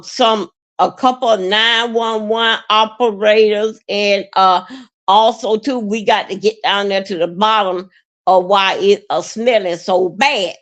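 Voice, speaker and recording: Slow, halting woman on a livestream. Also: mid-range voice, a bit bright. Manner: halting and repetitive, many fillers, emotional. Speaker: livestream host. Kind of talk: rambling live-stream monologue.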